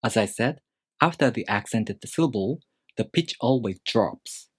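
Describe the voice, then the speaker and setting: A male teacher explains a lesson in a deliberate, scripted manner. His voice sits fairly low but swoops widely up and down as he demonstrates examples. The sound is dry and close, with no room echo. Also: lively intonation, slightly rough. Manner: deliberate, with spoken pitch demonstrations. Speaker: language teacher.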